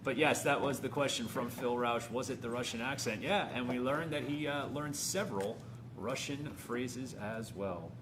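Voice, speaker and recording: Male stream host, mid-pitched, reads orders and banters, noticeable background noise. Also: moderate pace. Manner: reads out fan names and towns, plugs the website. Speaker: host of live virtual signing. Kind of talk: casual live-stream hosting.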